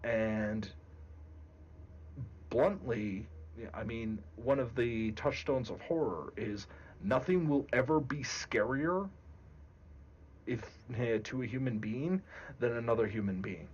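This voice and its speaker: A man speaking as a guest game master in a casual discussion, deliberate and emphatic. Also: mid-range voice, a little mellow, lo-fi sound, slight background noise.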